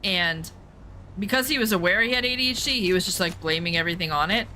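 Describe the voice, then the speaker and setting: Bright-voiced woman chatting while gaming. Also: fairly low pitch, quick pace, slight background noise. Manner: candid, rambling, many fillers. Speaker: game streamer. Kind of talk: casual chat while playing a game.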